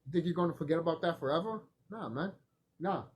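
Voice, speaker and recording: A man's voice: a little high, quick pace, husky. A man talking in a casual, rambling vlog monologue, emphatic and profane, repeating himself and laughing often. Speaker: vlogger.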